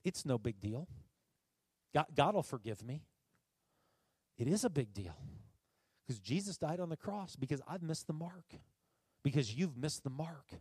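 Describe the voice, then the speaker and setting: A man's voice: on the high side, lively intonation, normal speed, pauses often, darkish tone, husky, dry recording. A man preaching a sermon, earnest, often repeating words and asking the congregation rhetorical questions. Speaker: pastor.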